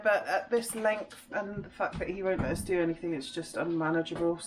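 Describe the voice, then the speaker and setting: Brief: mother in a home vlog, gentle, hesitant, background noise. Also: fairly low pitch, fairly even intonation, moderate pace. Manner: soft, emotional, hesitant. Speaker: parent. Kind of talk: casual family vlog chat. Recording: noisy home recording.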